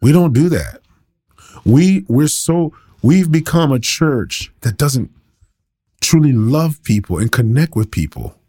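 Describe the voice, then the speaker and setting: A man's voice: medium pitch, warm tone, husky. A man in his thirties, a pastor, teaching the Bible in a casual, conversational way, laughing often and poking fun at himself.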